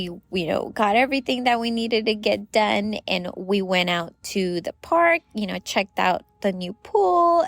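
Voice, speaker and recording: Chatty mom podcaster giving advice. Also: female voice, medium pitch, no echo. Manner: chatty, many "you know" fillers. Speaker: podcast host. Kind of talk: casual advice talk.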